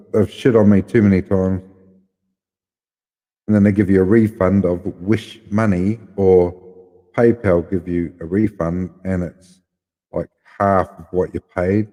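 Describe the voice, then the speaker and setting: Brief: Kiwi-accented man, low mellow voice, rambling and blunt, relaxed chat with his viewers. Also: unhurried, long pauses. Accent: New Zealand. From New Zealand. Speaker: live streamer.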